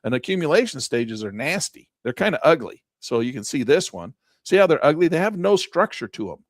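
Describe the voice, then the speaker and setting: A man's voice: a little high, big pitch swings, brisk, no echo, studio quality. A man giving a casual chart walkthrough as a trading instructor, emphatic and folksy, chanting repeated words for effect.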